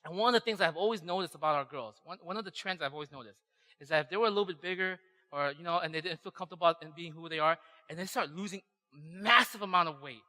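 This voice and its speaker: A male pastor talks quickly and brightly, his slightly high voice carrying through a church hall with a long echo. He tells his story in a lively, chatty way and keeps asking the room "right?". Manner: animated, conversational, tags lines with "right?". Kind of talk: sermon storytelling.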